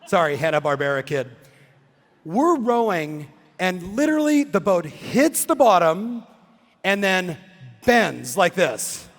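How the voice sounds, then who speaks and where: An excitable male keynote speaker acts out his story on stage and breaks into shouts. His voice is high and gravelly, and he speaks slowly and deliberately. A long reverb from the large hall trails every phrase. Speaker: real estate coach and keynote speaker. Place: big conference hall at a live summit.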